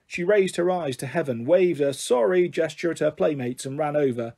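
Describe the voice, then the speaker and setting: A man narrating a children's storybook aloud with an expressive delivery. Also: a little high, moderate pace, gravelly, hardly any pauses. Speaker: audiobook reader.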